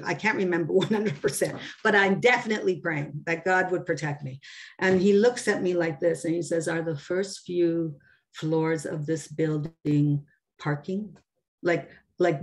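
A woman preaches over a video call, her voice a little lower than most women's. She tells her stories in a loose, conversational way, stopping and restarting often. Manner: conversational storytelling with many fillers and restarts. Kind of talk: testimony in an online sermon.

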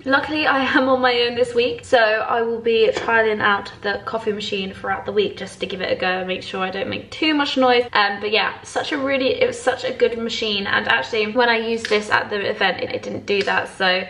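A woman's voice: a little high, steady tone, brisk, hardly any pauses, a bit bright. A young woman chatting casually in a home vlog, bubbly and effusive, laughing often as she talks. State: out of breath. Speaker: lifestyle vlogger. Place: her flat at home.

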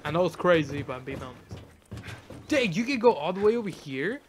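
Excitable high-voiced young gamer. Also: male voice, a little fast, slight background noise. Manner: excitable, shouting at the game, laughing. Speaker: gaming channel host. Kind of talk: let's play commentary. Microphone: face cam desk mic.

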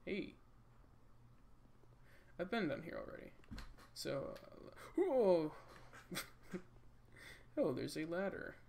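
Male gaming host, slow jokey let's-play chatter with a slightly high, raspy-fry voice. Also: animated, a little hiss or hum. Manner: jokey, rambling, talks to game enemies. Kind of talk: casual let's-play commentary.

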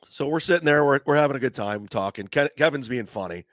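A man hosting a comedy podcast, telling a profane, animated story in a casual way and acting out the voices of others. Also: mid-range voice, quick pace, no echo.

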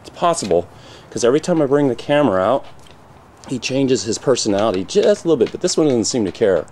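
A man's voice: mid-range voice, sing-song, fast. A man filming his dogs in his backyard on a handheld camcorder, teasing them and egging them on in casual home-video chatter. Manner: playful, eggs the dogs on with teasing shouts. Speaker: dog owner filming his pets. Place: backyard outdoors. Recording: noisy home camcorder audio. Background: dogs playing.

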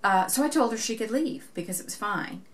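A woman's voice: medium pitch, animated, a little fast. A young woman vlogging to camera, telling a story in a chatty way and acting out what people said. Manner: chatty, retells events acting out quoted dialogue. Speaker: knitting vlogger.

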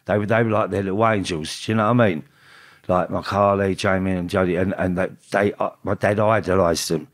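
A middle-aged man, a podcast guest telling a personal story in a halting way, full of restarts and repeated words. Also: deep voice, steady tone, dry recording, studio quality.

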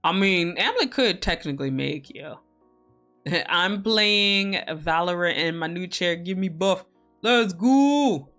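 Young woman streamer, easygoing unhurried chat, lots of fillers and swearing, faint music playing behind. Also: fairly low pitch, pushed and bright. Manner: rambling, filler-heavy, swears often, laughs a lot. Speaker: streamer hosting a co-working stream. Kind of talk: casual chat with viewers.

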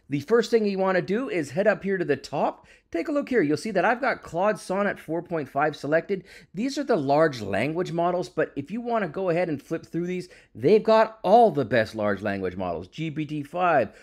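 A man hosting a software tutorial, talking casually and with big enthusiasm as he clicks through the screen. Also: on the high side. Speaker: tech YouTube host.

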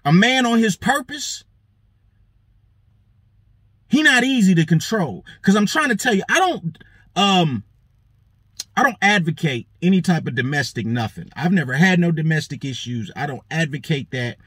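High, lively profane male storyteller. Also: moderate pace, pauses often, husky, no room sound. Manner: animated, swears heavily, acts out quoted lines. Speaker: show host.

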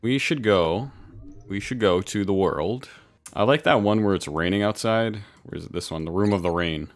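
A man's voice: on the low side, moderate pace, dry recording. A man streaming a virtual reality game, joking and self-mocking as he comments.

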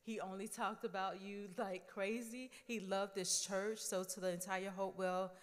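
A woman speaking at a funeral, softly thanking the church family. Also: mid-range voice, level tone, moderate pace. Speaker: family member giving thanks. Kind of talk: funeral tribute. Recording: distant, reverberant church hall.

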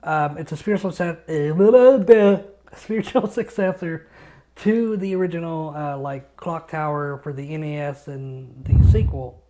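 Man, podcast co-host, casual chat, excitable, swears a lot, home studio. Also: a little high, moderate pace.

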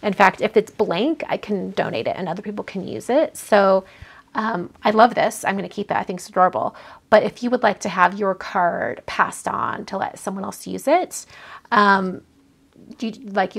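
Gushing chatty woman with vocal fry. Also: mid-range voice. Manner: gushing, chatty, thinks aloud with many fillers. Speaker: card-making livestream host. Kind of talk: casual live chat while opening mail.

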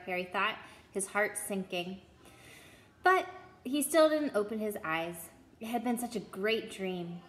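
Woman, storyteller, casual and friendly, reading a children's chapter book, medium-pitched voice. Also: expressive, measured pace, reverberant. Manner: friendly, casual, with a few ums.

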